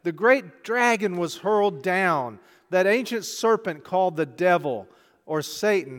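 A man's voice: sits high, fairly bright tone, in a large hall. A man preaching a sermon as pastor, talking to the congregation in a conversational way with rhetorical questions and light jokes.

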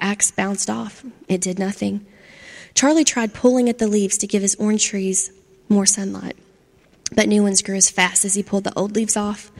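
A woman narrating a children's storybook aloud in an expressive, measured way. Her voice has a gravelly texture, and a long reverb trails behind her words as if she reads in a hall. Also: mid-range voice.

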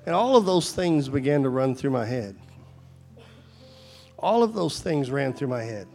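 A man's voice: fairly high pitch, lively intonation, moderate pace, creaky, pauses often, a little mellow, faint music behind. A man preaching a sermon at a church service, telling a story and then pleading fervently with his listeners.

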